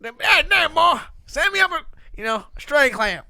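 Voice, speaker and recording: A man putting on a country accent to voice a loud, bossy man on a job site. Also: extremely high pitch, big pitch swings, moderate pace, vocal fry, dry recording, studio quality, voice pushed up, heavily acted. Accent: American Southern, put on. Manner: hollering, bossy drawl.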